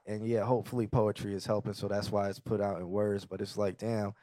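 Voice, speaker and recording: A man's voice: on the low side, fairly quick, no room sound. A man hosting a casual music review podcast, chatty and loose, laughing easily. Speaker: podcast host.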